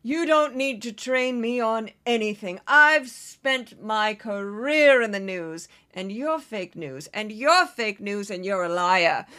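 Lady putting on a bossy loud tv anchor woman, high and bright, drags every word out. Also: animated, clear, resonant tone, full character voice. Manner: loud, imperious, drawn-out. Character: brash bossy female anchor-turned-politician.

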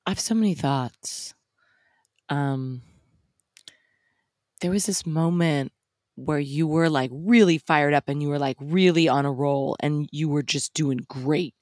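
A woman's voice: sits low, unhurried, pauses often, darkish tone, dry recording, studio quality. A woman co-hosting a podcast, chatty and self-deprecating, often breaking into giggles. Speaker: podcast co-host, writer. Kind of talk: casual podcast chat.

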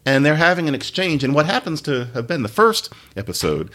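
A male podcast host giving a casual solo talk on language. His pitch swings widely as he chats, and he adds laughing asides. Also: a little fast. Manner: animated, chatty, laughing asides.

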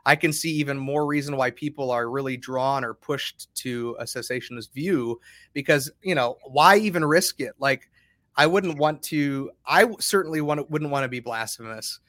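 A man's voice: mid-range voice, normal speed, a bit bright, dry recording. A middle-aged man hosting a casual faith podcast, rambling and repeating words as he thinks aloud. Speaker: podcast host.

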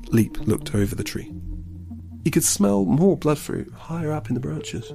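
Gravelly man narrating a story. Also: on the high side, sing-song, moderate pace, music in the background.

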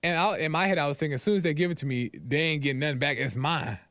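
Podcast host, male, fairly high voice, dry close sound; animated, frustrated storytelling that acts out both sides of phone calls. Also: very fast, no echo. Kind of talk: casual monologue.

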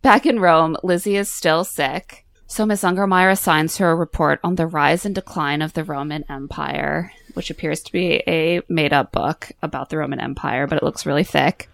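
A woman's voice: low voice, steady tone, moderate pace, creaky, hardly any pauses, no echo. A woman recapping a movie's plot in casual chat, acting out quoted lines and laughing often. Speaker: podcast co-host.

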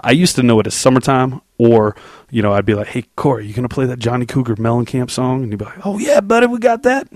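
A man's voice: lowish voice, a little mellow, dry recording. A man hosting a podcast, rambling loosely through a casual outro and swearing offhandedly, a little foggy on cold medicine. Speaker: podcast host.

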